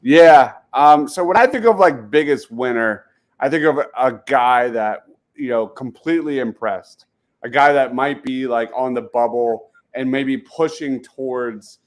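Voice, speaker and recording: A man's voice: mid-range voice, a little slow. A man hosting a casual sports talk show, reading out viewer comments and laughing easily. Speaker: podcast host.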